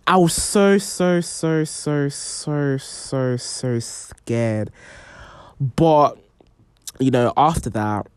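A young woman hosts a podcast, telling a personal story with lots of fillers and acting out the voices of people she quotes. She's animated, and her voice is bass-deep, with no room sound.

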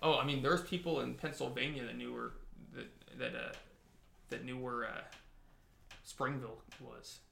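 A man's voice: mid-range voice, level tone, moderate pace, gravelly, bright, forceful tone. A young man from California's Central Valley telling travel stories in casual chat, rambling with many restarts and laughs. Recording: echoey room, faint noise.

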